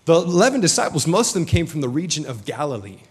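A man's voice: fairly high pitch, sing-song, fast, husky. Casual storytelling man preaching. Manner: casual, storytelling, joking asides. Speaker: pastor. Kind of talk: sermon.

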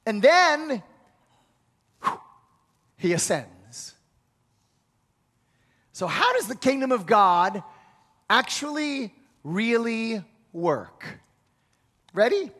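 A man preaching a sermon, retelling a scripture story with lively acted-out quotes and frequent restarts. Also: sits high, measured pace, pauses often. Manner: animated storytelling, acts out quoted voices, many restarts.

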